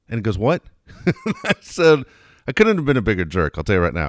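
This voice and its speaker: A man hosting a talk show, telling a profane, self-mocking story in a lively, animated way. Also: mid-range voice, a little fast, no echo, clean studio sound. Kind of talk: casual anecdote storytelling.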